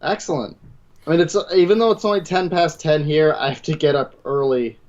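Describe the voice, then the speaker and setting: A man's voice: on the high side, expressive, fairly quick, a little mellow, highs cut off. A man co-hosting a podcast in a laid-back, dry-humoured chat, losing his voice from a dry throat. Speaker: podcast co-host. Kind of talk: casual chat.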